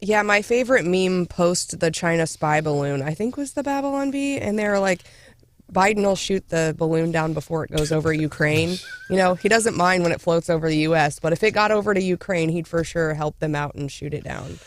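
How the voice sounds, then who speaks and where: A woman's voice: fairly low pitch, a little fast. A woman co-hosting a morning radio show, wry and joking. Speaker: radio co-host. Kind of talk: casual talk radio banter. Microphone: studio mic.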